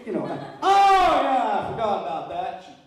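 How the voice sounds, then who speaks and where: A stand-up comedian tells stories with lots of energy, animated and laughing through his own tales. His high voice comes rapid-fire, but the low-quality recording has heavy reverb and he sounds far from the mic.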